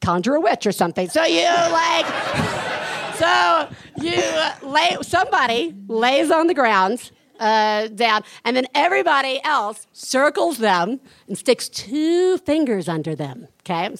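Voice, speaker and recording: A woman with a slightly high voice tells a story on a live podcast stage. She talks animatedly, acts out screams and sing-song chants, and laughs along as she goes. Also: big pitch swings, a little slow, creaky, a bit bright. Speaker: podcast co-host. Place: live stage before an audience.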